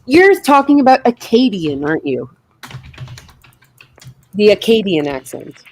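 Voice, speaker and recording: A woman's voice: medium pitch, big pitch swings, measured pace, darkish tone. A woman in a casual group chat, explaining things in trailing restarts.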